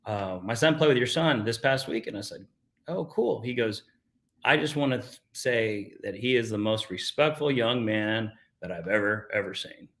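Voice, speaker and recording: A man's voice: lowish voice, animated, normal speed, a bit bright. A middle-aged man from South Texas, a golfer guest, telling stories in casual talk, full of fillers and restarts. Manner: storytelling with many fillers and restarts.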